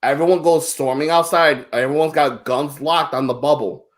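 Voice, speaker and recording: A man with a fairly high voice, chatting casually on a podcast. He tells stories in an animated, emphatic way. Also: normal speed. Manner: animated storytelling.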